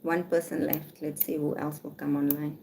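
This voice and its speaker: A woman talks casually on a livestream from her home, with a slightly low voice. She sounds blunt and irritated and thinks aloud as she scrolls through messages. A faint room ambience sits behind her. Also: flat delivery, normal speed, vocal fry, dark tone, a little hiss or hum. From South Africa. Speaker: livestream host.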